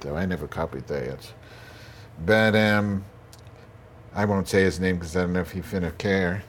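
A man with a fairly low voice rambles through a crude, self-mocking monologue. He is at home in a bathroom. A faint hum sits behind him.

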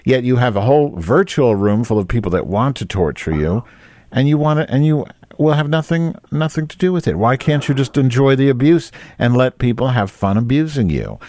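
A man's voice: medium pitch, lively intonation, fairly quick, darkish tone, no echo. A man hosting a live online talk show alone at his mic, rambling, teasing and crude. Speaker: host. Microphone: desk microphone.

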